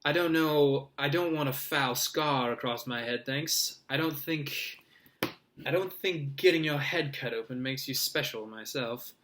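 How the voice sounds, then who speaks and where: A man reading aloud, voicing a spoiled teenage schoolboy bully who speaks in a loud, scathing, mocking way. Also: medium pitch, a little slow, natural voice. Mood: sneering.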